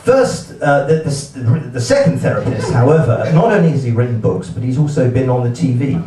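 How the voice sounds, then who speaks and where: A man doing a stand-up set at a live gig, talking in a hesitant, halting way with many fillers and restarts. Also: mid-range voice, lively intonation, a loud crowd. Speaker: stand-up comedian. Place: comedy venue, heard from the hall with a laughing audience. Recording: echoey hall, distant mic, audience laughter.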